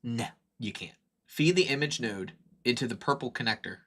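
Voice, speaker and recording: Excitable young man thinking aloud. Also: mid-range voice, moderate pace. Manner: excitable, rambling, lots of fillers and self-corrections. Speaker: streamer teaching 3D modeling. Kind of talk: live-stream tutorial, thinking aloud.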